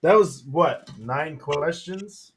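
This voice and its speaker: A man in casual podcast banter who jokes and swears freely. He talks slowly, at a middle pitch. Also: slightly rough. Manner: joking, profane. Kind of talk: casual chat.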